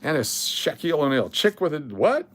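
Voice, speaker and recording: A man's voice: fairly high pitch, sing-song, moderate pace, fairly bright tone. A man hosting a casual livestream, blunt and sarcastic, swearing now and then. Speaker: livestream host.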